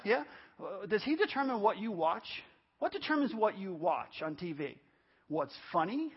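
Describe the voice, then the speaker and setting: Male pastor, 50s, high voice, emphatic repetitive preaching, dull lo-fi church recording. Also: sing-song, normal speed, husky. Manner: emphatic, repeats phrases for stress. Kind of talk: sermon. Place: church service.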